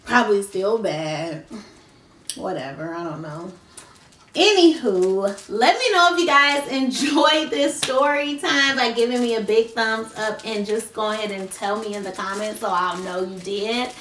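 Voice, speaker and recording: A woman's voice: fairly high pitch, normal speed, hardly any pauses, fairly bright tone, far from the mic. A woman telling a storytime on her vlog, speaking casually and animatedly straight to her viewers. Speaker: vlogger. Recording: roomy, off-mic, faint noise.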